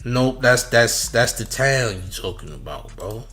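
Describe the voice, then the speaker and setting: A man's voice: medium pitch, lively intonation, unhurried, bright, forceful tone. A man hosting a reaction commentary, mocking and slangy, laughing often between remarks. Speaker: commentary host.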